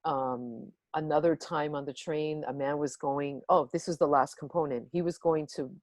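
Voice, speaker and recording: A woman telling a personal story to a workshop on a video call, animated and acting out the voices in it. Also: sits low, moderate pace, no room sound. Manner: animated, acts out the voices in her stories. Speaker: workshop guest speaker.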